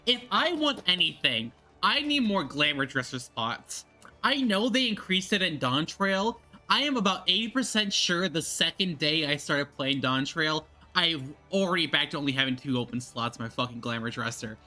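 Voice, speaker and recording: Profane live-stream gamer, bright and animated, quick to burst out. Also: medium pitch, faint music behind. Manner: excitable and profane, with sudden outbursts. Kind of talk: live game stream commentary.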